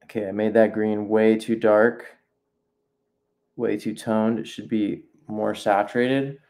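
A man's voice: on the low side, flat delivery, slow, darkish tone. A man teaching nature journaling in a casual live demonstration, thinking aloud as he paints, breaking off and restarting sentences while encouraging viewers to sketch along.

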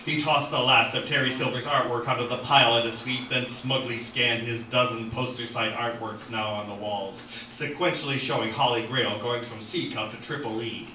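A man reading from his own novel at an open mic in an art gallery, animated, with asides and self-corrections. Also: mid-range voice, normal speed, few pauses, slight background noise. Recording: echoey gallery from far off.

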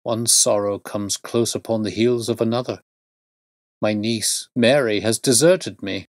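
A man's voice: on the low side, steady tone, a little slow, dry recording, studio quality, natural voice. A man voicing an anguished middle-aged male banker who pleads and exclaims in distress. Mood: despairing.

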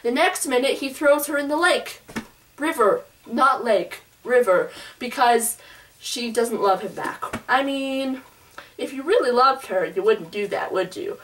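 A woman vlogging a casual book review, gushing and rambling like an excited fangirl. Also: a little high, unhurried, recorded from a distance, a little hiss or hum.

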